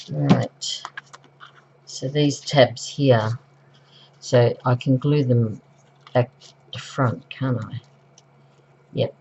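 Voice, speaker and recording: This middle-aged Australian craft vlogger has a very deep, slightly mellow voice and is recovering from the flu. She chats casually through a craft tutorial at home, rambling with plenty of ums and self-corrections. The home recording is dull and lo-fi, with a bit of background noise.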